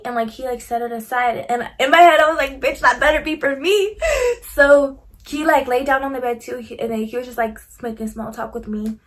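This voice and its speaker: A young woman telling a personal story in a casual, chatty way, full of "like" and swearing, acting out her own side of conversations. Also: a little high. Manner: chatty, heavy use of "like", swearing, quoting herself.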